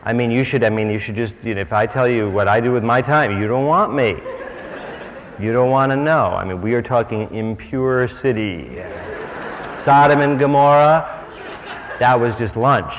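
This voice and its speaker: A man's voice: medium pitch, moderate pace. Man, spiritual teacher, wry and self-mocking, dull lo-fi tape with long hall reverb. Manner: joking, self-mocking asides. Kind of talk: humorous workshop talk. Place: stage before an audience. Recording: dull old recording, long hall reverb, faint hiss.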